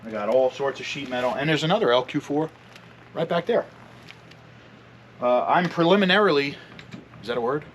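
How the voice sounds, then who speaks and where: A man's voice: mid-range voice, moderate pace, long pauses. A man in his thirties talks through a casual garage vlog on the camera mic, rambling and poking fun at himself. He sounds a little winded, with a faint hiss of noise behind him. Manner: joking, self-mocking, rambling. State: out of breath. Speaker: channel host. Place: home garage and shed.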